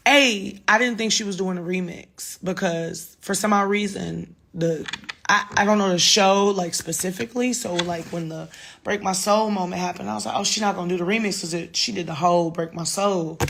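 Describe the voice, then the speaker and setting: A woman's voice: fairly low pitch, normal speed, vocal fry, a bit bright. A woman in her thirties, a little drunk, rambling casually and profanely to fans in a late-night phone livestream.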